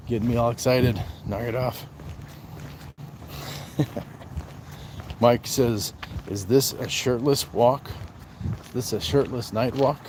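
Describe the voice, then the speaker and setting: A man hosting a casual livestream on a night walk, greeting viewers by name and answering their comments in a relaxed way. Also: medium pitch, takes it slowly, long pauses, noisy background. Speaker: livestream host.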